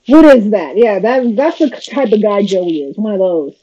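A woman's voice: mid-range voice, expressive, moderate pace, dark tone. Sarcastic woman reacting to a show. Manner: sarcastic, exasperated running commentary. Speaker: reaction video host. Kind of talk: casual watch-along commentary. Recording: slightly dull lo-fi audio with faint noise.

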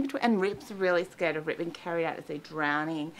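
A woman's voice: deep voice, normal speed, hardly any pauses. Anxious self-mocking comic woman rambling. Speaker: comedian and columnist. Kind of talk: confessional comic monologue.

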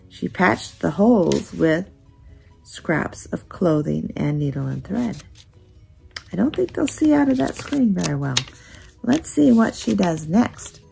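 Gravelly older grandma reading aloud. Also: female voice, low voice. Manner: warm asides to listeners. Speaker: storyteller. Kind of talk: children's read-aloud.

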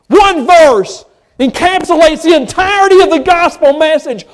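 A man with a Southern accent preaching a sermon as pastor, folksy and at times rising to impassioned shouts. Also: very high-pitched. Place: church sanctuary.

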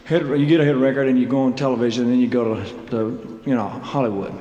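A man telling rambling, self-mocking stories from a concert stage, laughing between phrases and clearing a frog from his throat. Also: medium pitch, fairly even intonation, quick pace, dark tone, highs cut off. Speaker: singer performing live. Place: large showroom stage. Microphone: stage microphone. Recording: echoey hall live concert recording, faint noise.

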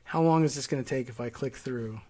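A man's voice: mid-range voice, a little fast, a crowd in the background. A man hosting a talk show, reading an article aloud and breaking off into muttered, chatty asides. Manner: chatty, muttering asides while working the computer.

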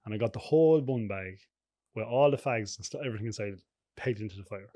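Irish man telling lively anecdotes. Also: fairly low pitch, fast talker, dry recording, studio quality. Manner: lively, rambling anecdotes, chuckles often. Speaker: guest. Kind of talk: casual podcast chat.

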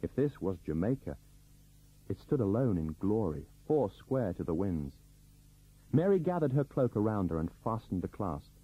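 A man reading a novel aloud as an audiobook narrator, in scripted narration with a lively, varied delivery. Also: on the low side, normal speed, husky. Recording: dull lo-fi recording.

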